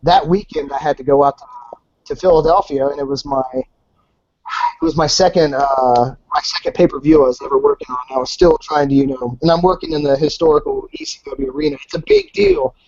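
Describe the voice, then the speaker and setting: Male podcast guest, animated storyteller, slightly high, dry and muffled. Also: brisk, dry recording. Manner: animated, swears, acts out voices in anecdotes. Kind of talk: casual storytelling. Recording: dull lo-fi podcast audio.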